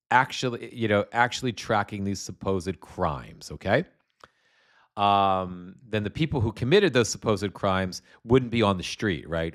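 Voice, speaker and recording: A middle-aged man from New Jersey hosts a casual political livestream. He talks in a fairly low voice, heated and profane. He stumbles into restarts and fillers, then presses on. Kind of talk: casual livestream commentary, reading chat.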